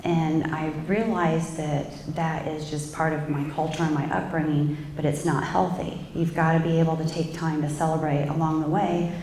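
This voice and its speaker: A woman's voice: sits low, flat delivery, moderate pace, hardly any pauses, a little mellow, slight background noise. A middle-aged woman gives a candid, self-reflective talk to a live audience from a theatre stage, with loose fillers. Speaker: guest speaker. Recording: roomy theatre echo.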